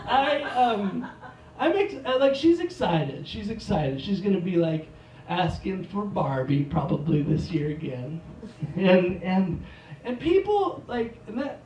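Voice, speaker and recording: Male stand-up comic with a slow, rambling, self-deprecating delivery and loud outbursts, recorded from a distance in a reverberant theater. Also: sits high, slight background noise. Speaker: stand-up comedian. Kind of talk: stand-up comedy set. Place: theater stage. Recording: echoey theater, mic from a distance.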